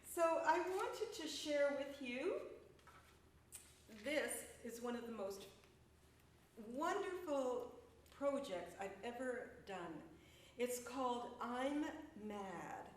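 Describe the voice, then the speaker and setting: Slow, rhythmic woman poet in echoey hall. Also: a little high, expressive, a little hiss or hum. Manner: measured, deliberate, rhythmic delivery. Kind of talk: poetry reading and spoken-word performance. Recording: echoey room, mic far away.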